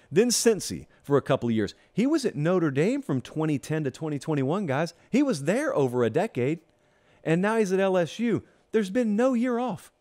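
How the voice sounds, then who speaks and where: Animated male sports talk host. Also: a little high. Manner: animated, emphatic, sarcastic asides. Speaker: college football show host. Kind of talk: opinionated sports talk monologue.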